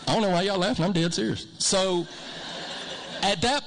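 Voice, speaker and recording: A man's voice: high voice, moderate pace, pauses often, fairly bright tone, a little hiss or hum. A man around fifty giving a motivational speech to a live audience, repetitive and folksy, with joking asides. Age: late 40s or 50s. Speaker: school district speaker. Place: large hall with audience. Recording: long hall reverb.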